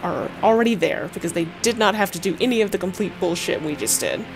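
A woman's voice: lowish voice, fast, vocal fry, loud music behind the voice. A young adult woman streaming, reading a game's text aloud with wry, laughing asides and casual swearing.

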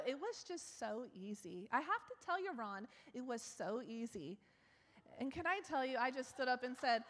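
A woman preaches in a chatty, self-mocking way, laughing often and rising to loud exclaims. Her voice sits a little high. Long church hall reverb trails after each phrase. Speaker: guest preacher. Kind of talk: sermon. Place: church sanctuary.

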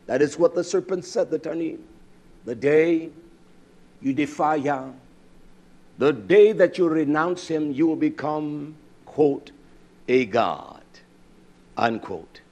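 Male preacher, high-pitched, slow and very animated, fiery sermon delivery with loud peaks and quiet asides. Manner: fiery, swings between loud declaiming and low asides to the congregation; peppers speech with Hebrew terms and blunt curses.

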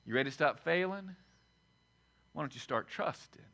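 A man preaching a sermon as pastor, emphatic and repetitive, swinging from shouted lines to quiet asides. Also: on the high side, animated, normal speed, creaky. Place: church sanctuary.

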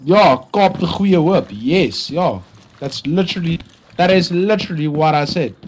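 A man's voice: on the high side, lively intonation, normal speed, slight background noise. Cheeky bantering man on voice chat. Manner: cheeky, bantering, insists he is right. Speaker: teammate on voice chat.

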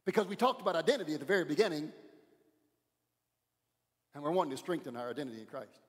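A male pastor preaching a sermon in a church, pressing his points hard and often dropping his voice low. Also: expressive, fast, big-room sound. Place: church sanctuary.

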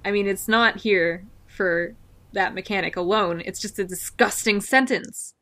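A woman with a medium-pitched voice co-hosts a casual book-discussion podcast. She is sarcastic and reads passages aloud with mock drama. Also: measured pace, bright, forceful tone. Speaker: podcast co-host.

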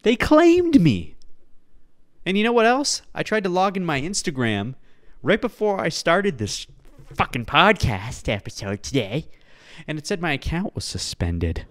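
A man's voice: a little high, sing-song, moderate pace, fairly bright tone, dry recording. A man hosting a solo podcast, talking casually over clips, sarcastic and rambling, with playful mock-earnest asides. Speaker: podcast host.

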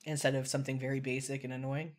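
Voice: mid-range voice, flat delivery, fast talker. A podcast co-host in casual chat, teasing the others playfully and laughing often.

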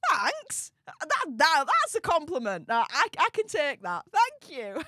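A woman's voice: high-pitched, huge pitch swings, a little slow, pushed and bright, no room sound, studio quality. A woman with a Yorkshire accent hosting a livestream, gushing thanks to viewers for their super chats in an exclamatory, bubbly way. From England. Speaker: livestream host.

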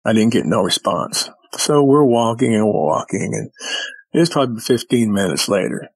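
Fairly low in pitch, with vocal fry and a breathy edge, this male guest speaks at a normal pace on an echo-free recording. He rambles folksily through his own encounters on the podcast, acting out each quoted voice with animation.

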